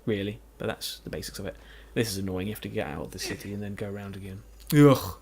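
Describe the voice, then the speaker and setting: With a lowish, darkish voice, vocal fry, and a fast delivery, a man narrates gameplay in post-recorded commentary as a gaming YouTuber. He's late-night tired and yawning, wandering off topic, self-deprecating, and full of restarts and fillers.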